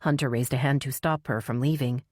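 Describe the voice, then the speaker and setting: Woman narrator, very low voice, measured, dry close sound. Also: fairly even intonation, no room sound. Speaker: audiobook narrator. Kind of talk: scripted narration.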